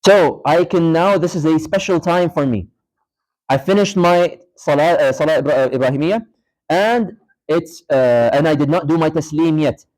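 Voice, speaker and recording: A man's voice: fairly high pitch, moderate pace, a little mellow, poor audio. A man teaching a live class in a mosque, casually walking students through a prayer demonstration and quizzing them as he goes. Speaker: Islamic studies teacher.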